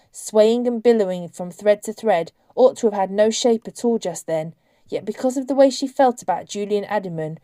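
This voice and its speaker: Mellow-voiced woman narrating a novel. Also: mid-range voice, dry recording. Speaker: audiobook narrator. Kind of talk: novel reading.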